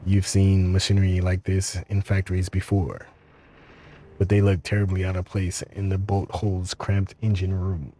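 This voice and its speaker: A man streaming a game, reading its text aloud in a steady, even way. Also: deep voice, moderate pace, a little hiss or hum.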